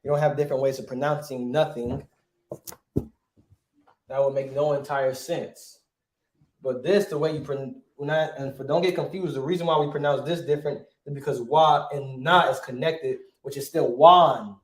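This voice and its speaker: A man's voice: mid-range voice, fairly even intonation, normal speed, reverberant. A man teaching a lesson, asking rhetorical questions and punctuating points with emphatic asides. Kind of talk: classroom lesson.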